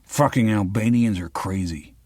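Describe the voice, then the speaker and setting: A man's voice: fairly low pitch, normal speed, a little mellow, no echo, studio quality, natural voice. A man voicing a blunt, crude male police detective in an audiobook. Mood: gruff. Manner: crude, irritable.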